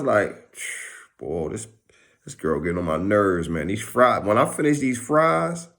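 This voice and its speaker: Male vlogger, casual monologue, animated and slangy, lively and a bit high in pitch. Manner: animated, slangy, acts out conversations.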